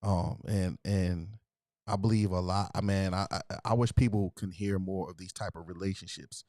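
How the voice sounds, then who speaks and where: A man's voice: low voice, fairly even intonation, moderate pace, a little mellow, no echo, clean studio sound. A man hosting a casual talk show, asking guests questions in a laid-back way and laughing often. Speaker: podcast host. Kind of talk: casual chat.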